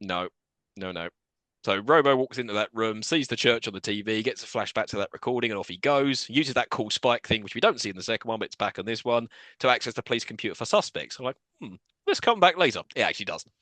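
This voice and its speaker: A man's voice: on the low side, fast talker, sharp tone, dry recording. A man co-hosting a podcast, animatedly recapping a film's plot and mocking scenes in put-on voices. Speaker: podcast co-host. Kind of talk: casual film-review chat.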